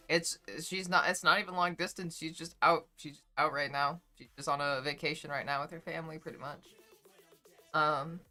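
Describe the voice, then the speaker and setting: A young woman streaming from home, talking loosely with her chat in a bright, forward voice. She sounds emotional, close to tears, and swears freely. Soft music plays faintly behind her. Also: deep voice. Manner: chatty, swears freely, reads chat aloud. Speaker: livestreamer. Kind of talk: casual chat with stream viewers.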